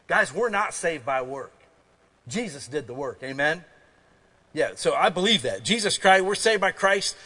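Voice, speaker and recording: A man preaching a sermon as pastor in a folksy, conversational way, moving between quiet asides and loud emphasis. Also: on the high side.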